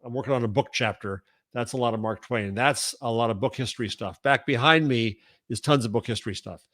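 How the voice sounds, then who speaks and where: A man who is a journalism professor, talking as a guest over a video call in a halting way, with many restarts. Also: medium pitch, fairly bright tone, dry recording, studio quality. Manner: halting, full of restarts and fillers. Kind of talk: casual conversation.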